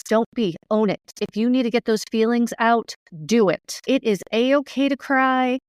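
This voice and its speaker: A woman's voice: a little high, lively intonation, normal speed, clean tone, dry recording, studio quality. A middle-aged woman co-hosting a spiritual podcast, talking earnestly and emphatically, laughing often. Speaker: co-host. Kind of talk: casual spiritual podcast talk.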